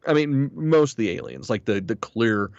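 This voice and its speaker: Man, podcast host, wry, halting, lively pitch, dull dry lo-fi audio. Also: dry recording. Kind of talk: casual chat. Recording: dull lo-fi mic.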